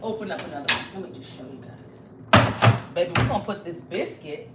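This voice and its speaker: A woman hosting a home cooking video, chatting warmly with viewers and calling them y'all and baby. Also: fairly low pitch, expressive, moderate pace, heavy background noise. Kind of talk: casual cooking demonstration to viewers.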